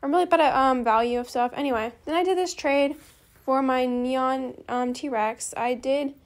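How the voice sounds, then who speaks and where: A woman's voice: high voice, normal speed. A teenage girl giving a casual, rambling voice-over for her gaming channel, earnestly repeating her thanks. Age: teens. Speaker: gaming YouTuber.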